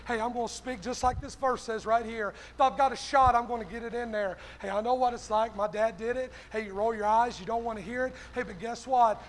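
A male pastor preaching a sermon, punching his lines with a repeated "hey". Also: extremely high pitch.

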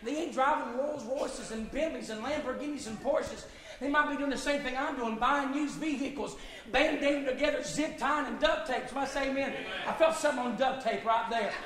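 A man, a pastor preaching an emphatic sermon with folksy asides and bursts of shouting. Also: very high-pitched, fairly quick, a crowd in the background. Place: church sanctuary. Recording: echoey hall.

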